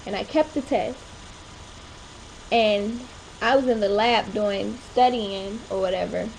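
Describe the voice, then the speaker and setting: A woman's voice: mid-range voice, slow pace, vocal fry, a little mellow, slight background noise, low-quality recording. A young woman chatting casually in a home vlog, rambling along with short laughs. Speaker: vlogger. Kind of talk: casual chat.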